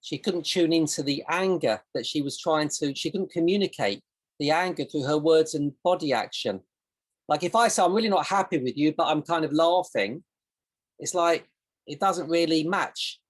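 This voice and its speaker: A woman's voice: low voice, normal speed. A woman teaching a casual online coaching session over a video call, in a loose, rambling way with plenty of examples. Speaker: self-discovery coach.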